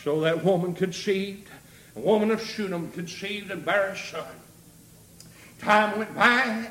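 High, forceful preacher man. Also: measured pace. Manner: rhythmic preaching that swells into shouts, peppered with amens; frequent "uh" before phrases. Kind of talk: sermon.

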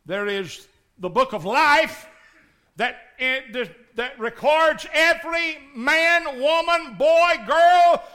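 A man in his sixties preaching a passionate sermon, shouting one moment and pleading quietly the next. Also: very high-pitched, slow. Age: 60s. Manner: impassioned, swings from shouting to hushed pleading. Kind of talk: revival sermon.

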